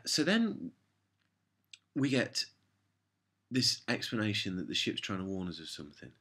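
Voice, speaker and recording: Exasperated husky-voiced man reviewing. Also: lowish voice, sing-song, a little slow, sharp tone. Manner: exasperated, rambling, sarcastic. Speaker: show reviewer. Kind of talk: casual review monologue.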